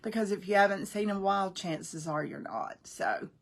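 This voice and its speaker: A woman's voice: medium pitch, brisk, gravelly. A woman hosting a craft livestream, chatting casually and greeting viewers by name. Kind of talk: casual live-stream chat.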